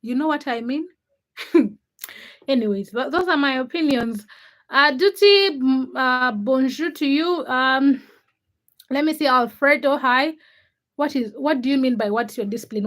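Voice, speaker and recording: High-voiced outspoken young woman streamer. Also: normal speed. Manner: outspoken, animated, thinks aloud with restarts. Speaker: livestream host. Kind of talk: casual livestream chat, reading viewer comments.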